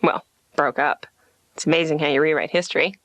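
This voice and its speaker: Woman comedian, bright voice, dry close sound, deadpan, jokey impressions. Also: sits low, a little fast, no room sound. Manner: deadpan jokes with lively put-on voices. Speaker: patient, comedian. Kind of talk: stand-up style monologue in a cartoon.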